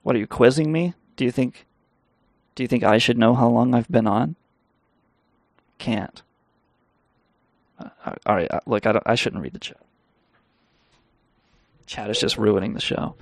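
A man with a gravelly, creaky voice tells a loose, swearing-laced story on his live stream. His sound is close and dry. He chuckles as he rambles and reads the chat aloud. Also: mid-range voice, unhurried, pauses often, no room sound. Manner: rambling, profane, laughing. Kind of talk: casual storytelling and reading chat.

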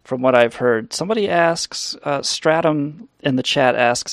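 A man hosting a crude comedy stream, rambling through profane riffs and reading out chat messages. His voice is gravelly and a touch high, and it sounds dry and close to the mic. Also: measured pace, hardly any pauses, no room sound. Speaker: stream host.

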